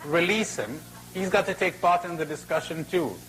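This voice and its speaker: Rabbit: clever, brisk, high-pitched ; a man doing the voice. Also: animated, a little hiss or hum, poor audio. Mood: reasoning. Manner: quick, sharp, challenging.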